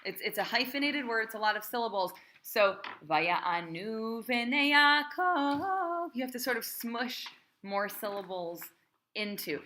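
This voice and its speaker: A woman cantor teaching a small class how to chant Torah trope, chatty and encouraging, often checking with "right?" and singing phrases slowly. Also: mid-range voice, fairly bright tone, slight background noise. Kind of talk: informal small-group class.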